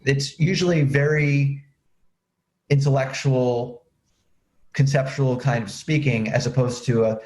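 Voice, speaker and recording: A man's voice: medium pitch, fairly even intonation, a little slow, pauses often, a little mellow. A man hosting an interview, talking loosely and chattily about speaking and performance. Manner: chatty, loose, with many fillers. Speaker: host. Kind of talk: casual interview chat. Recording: roomy echo.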